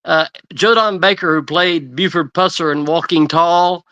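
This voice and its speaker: A man's voice: fairly high pitch, normal speed, pushed and bright. A man in his sixties, a guest actor on an interview show, talking in an easygoing, rambling way with a lot of stumbles. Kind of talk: casual interview chat. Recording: dull remote line.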